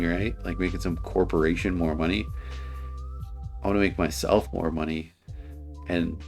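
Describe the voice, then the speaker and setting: Tired, rambling deep-voiced man. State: tired, dry throat. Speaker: commentator reacting to a video. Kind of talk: casual reaction commentary.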